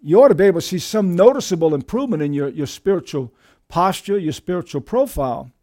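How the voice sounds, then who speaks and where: A man preaching a sermon as pastor, emphatic and lively, often calling his listeners dear friends. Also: fast talker. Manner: emphatic preaching with lively shifts in pitch and volume.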